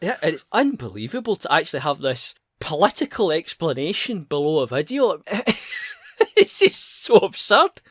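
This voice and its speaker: A man's voice: a little high, sing-song, moderate pace, a bit bright, husky, dry recording, clean studio sound. A man co-hosting a casual film review chat, blunt and dismissive, laughing often between remarks. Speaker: podcast co-host, film reviewer.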